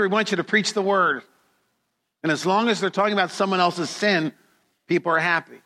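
Slow-preaching pastor, bright voice, reverberant hall. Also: male voice, on the high side. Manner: slow, deliberate preaching with dramatic storytelling. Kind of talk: sermon.

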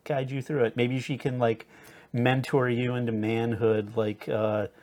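A man's voice: medium pitch, little pitch movement, a little slow, a little mellow. A man co-hosting a crude comedy podcast, joking in a sarcastic way. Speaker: podcast co-host.

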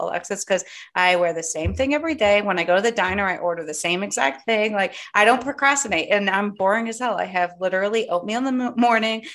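A woman's voice: mid-range voice, fairly bright tone. Woman podcast host with a mid-range voice, chatty and emphatic, candid and informal. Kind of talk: casual chat.

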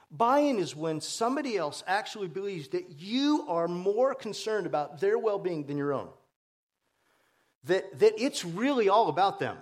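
A male pastor preaching a sermon, telling stories and jokes, his voice rising and dropping with the points he makes. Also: on the high side.

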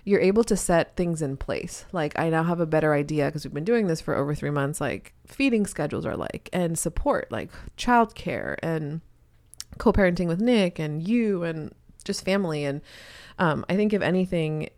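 A woman's voice: deep voice, lively intonation, moderate pace, a little mellow, no echo. A woman co-hosting a podcast, a new mother, talking candidly and animatedly in casual chat. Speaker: podcast co-host.

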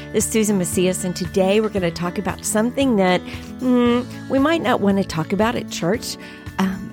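A middle-aged woman from the United States hosting a faith podcast, telling a personal story earnestly and dropping to soft whispers at times. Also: on the low side. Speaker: podcast host.

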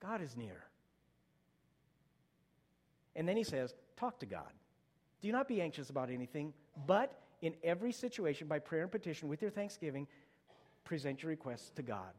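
Middle-aged male pastor, conversational sermon delivery that builds to urgent appeals, fairly high voice, echoing sanctuary. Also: very animated, normal speed, pauses often, a little mellow. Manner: conversational storytelling, rising to urgent exhortation.

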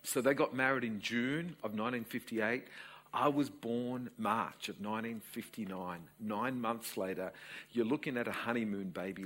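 A man in his sixties with an Australian accent, preaching a sermon and telling a family story to his congregation in an animated storytelling manner. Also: mid-range voice, moderate pace, a little hiss or hum. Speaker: pastor.

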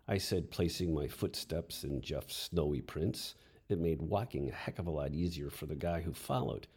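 Deep, husky male storyteller. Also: moderate pace, a little mellow. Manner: wry, crude humor. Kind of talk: first-person storytelling.

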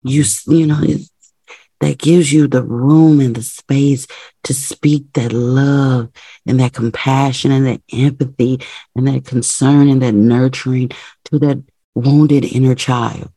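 A woman's voice: rumbling low, fairly even intonation, a little slow, warm tone, husky, no room sound. A woman hosting a motivational podcast, urging listeners with emphatic, repetitive phrases. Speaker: podcast host.

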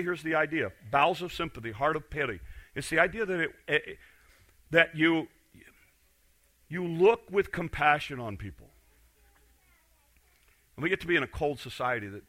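A middle-aged man preaching with a very bright, forceful voice pitched a little high. He swings from loud emphasis down to quiet intensity and often restarts his words. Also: expressive, moderate pace, pauses often. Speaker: pastor. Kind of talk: sermon.

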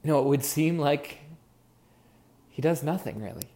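High-voiced earnest male pastor preaching. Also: normal speed, mellow. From Oregon. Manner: earnest, musing, varies emphasis. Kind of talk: sermon.

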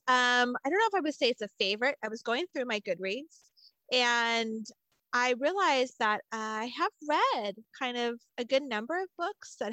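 A woman's voice: a little high, pushed and bright, no room sound. Easygoing woman podcast co-host. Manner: easygoing, reflective, uses "like" often. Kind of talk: casual chat.

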